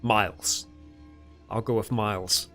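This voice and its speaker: British guy streaming, chatty and unhurried, laughs a lot, soft music under him. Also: on the low side. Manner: chuckles often, answers chat questions in a relaxed, rambling way. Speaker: streamer hosting a monthly Q&A. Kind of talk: casual live-stream chat.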